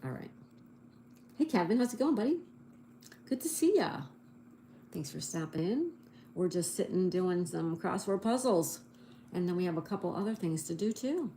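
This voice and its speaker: A woman's voice: lowish voice, lively intonation, normal speed, pauses often, dark tone, a little hiss or hum. A woman hosting a casual livestream, chatting with viewers and spelling answers letter by letter, recorded on a phone at home. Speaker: livestream host.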